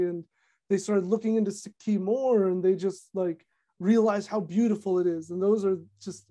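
Young adult woman, content creator guest; chatty, filler-heavy, animated, mellow relaxed timbre. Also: medium pitch. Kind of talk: casual podcast chat.

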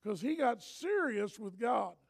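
Older male pastor, high gravelly voice, storytelling sermon that swings from soft to loud. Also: sing-song, measured pace.

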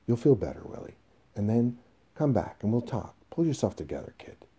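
A man's voice: mid-range voice, sing-song, a little fast, dark tone, breathy edge, pitched above the performer's own voice. A man reading the part of an impatient young boss who brushes off an older employee. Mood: dismissive. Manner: curt, dismissive.

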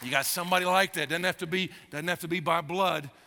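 A high, gravelly male pastor in his fifties preaching a sermon. He talks with a bright, forceful edge and drives points home by repeating them. His voice rings with the long reverb of a big church sanctuary. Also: fast, some chatter behind, a little hiss or hum. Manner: emphatic, repeats phrases, grows animated. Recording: long reverb of a large hall.

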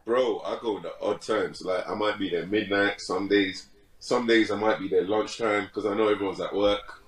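Laid-back young man, low voice. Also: steady tone, normal speed, echoey room, low-quality recording. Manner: laid-back, laughs often, says "bro" a lot. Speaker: podcast guest, fitness content creator. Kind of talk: casual chat.

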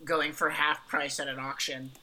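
Low-voiced woman player, bright tone. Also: flat delivery, normal speed, slight background noise, rough recording. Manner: rambling, full of fillers. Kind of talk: describing a character in a tabletop game.

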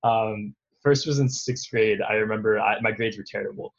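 A man's voice: fairly low pitch, fairly even intonation, normal speed, muffled recording. A young man casually recalling his school days in an interview, rambling and self-deprecating, often laughing at himself. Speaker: guest.

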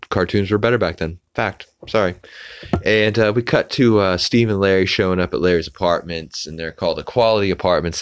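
A man's voice: low-pitched, smooth, no echo. A young adult man hosting a podcast, casually recapping a cartoon with lots of fillers and the odd swear, on a close mic. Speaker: podcast host.

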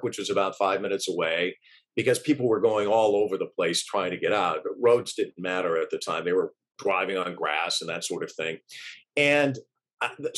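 Man, middle-aged, journalist, interview recollection, earnest, halting speech, medium pitch. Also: husky. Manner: earnest, halting, many restarts and fillers. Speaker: journalist eyewitness. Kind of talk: recalling events in an interview.

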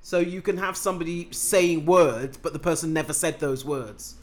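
A woman's voice: sits low, moderate pace, a little mellow. Dry-voiced woman co-hosting. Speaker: podcast co-host. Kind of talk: casual chat.

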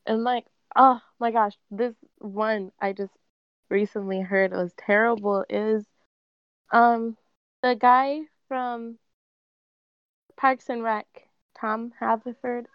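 A young woman in casual group chat, talking slowly and emphatically. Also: a little high, steady tone, smooth, no echo. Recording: dull lo-fi sound.

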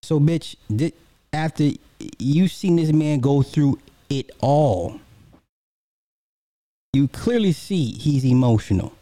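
A man's voice: on the high side, expressive, takes it slowly, pauses often, dark tone, no echo. A man giving a heated, profane reaction commentary in blunt everyday speech.

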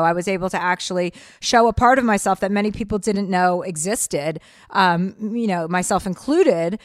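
A woman's voice: medium pitch, no room sound. A middle-aged woman from New Jersey, a comedian guest, talking bluntly with dry self-mocking humor. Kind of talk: casual interview chat.

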